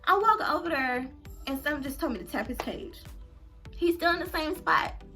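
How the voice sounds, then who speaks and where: A young adult woman telling a story for her vlog in an animated, emphatic, slangy way. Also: high-pitched, moderate pace, faint music behind. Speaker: vlogger.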